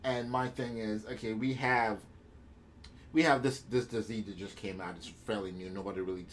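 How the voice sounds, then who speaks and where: A man's voice: lowish voice, steady tone, normal speed, slight background noise. A man co-hosting a podcast in casual chat, arguing his points emphatically, step by step. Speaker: podcast co-host.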